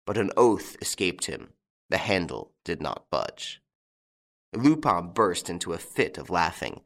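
Expressive man narrating a novel. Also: low-pitched, a little slow. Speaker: audiobook narrator. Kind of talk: scripted narration.

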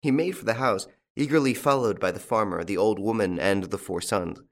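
A man narrating a classic story as an audiobook, with an expressive storytelling delivery. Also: on the low side, fairly quick.

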